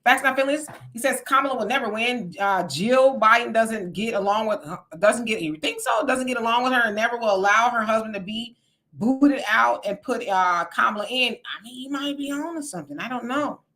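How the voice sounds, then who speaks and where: A woman's voice: fairly high pitch, animated, a little fast, fairly bright tone. A woman hosting a casual livestream, reading viewer comments aloud and reacting to them as she talks straight to her audience. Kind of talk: casual live chat.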